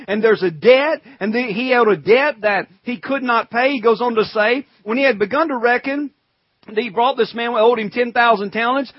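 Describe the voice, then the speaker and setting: High-voiced preacher man, lo-fi recording. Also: dry recording. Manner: conversational preaching, calls to the congregation; reads scripture in old-fashioned wording. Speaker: pastor. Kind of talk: sermon.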